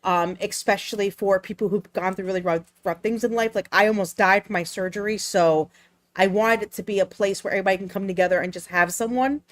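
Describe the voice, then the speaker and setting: A woman with a New Jersey accent, a guest streamer, chatting in an animated, earnest way. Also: medium pitch, fairly quick, no room sound. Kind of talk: casual chat.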